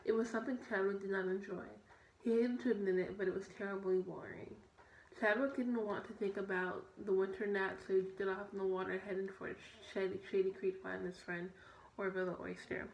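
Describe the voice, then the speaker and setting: A woman's voice: medium pitch, fairly even intonation, fairly quick. A young woman reads a children's story aloud, tripping over words and correcting herself as she goes. The room is echoey, with a faint noise behind her voice. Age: young adult. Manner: stumbling, self-correcting read. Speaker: student reader.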